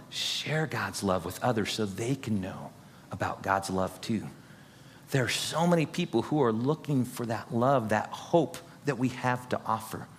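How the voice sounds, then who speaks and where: A man's voice: lowish voice, a little hiss or hum. A man pastor preaching an earnest, encouraging sermon straight to his congregation. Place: church sanctuary. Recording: husky voice in a long-reverb hall.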